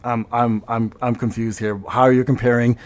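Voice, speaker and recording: A man's voice: medium pitch, flat delivery, moderate pace. A man streaming a game, teasing and mock-ranting at a friend in casual, profane banter. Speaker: gaming streamer.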